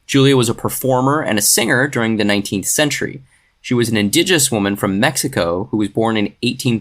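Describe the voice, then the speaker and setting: Easygoing podcast co-host, mid-pitched. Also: a bit bright. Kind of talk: casual chat and reading case notes.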